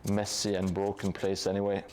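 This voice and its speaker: A man's voice: low-pitched, monotone, a little fast, darkish tone, a little hiss or hum. A man live-streaming his terrain painting in a casual, hesitant way, with many fillers and restarts. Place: home hobby room above a gym.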